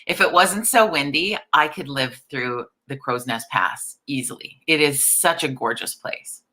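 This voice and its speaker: Woman, forties, live chat host, croaky morning voice, low pitch, bright tone, chatty. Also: measured pace. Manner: chatty, upbeat, reads viewer comments aloud. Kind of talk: casual live-stream chat.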